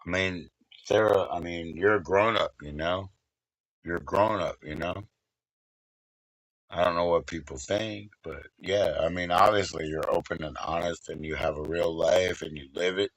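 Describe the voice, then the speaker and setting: A man's voice: low voice, moderate pace, no echo, rough recording. A man hosting a livestream, chatting casually with a guest in a rambling, profane way and laughing often. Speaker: livestream host.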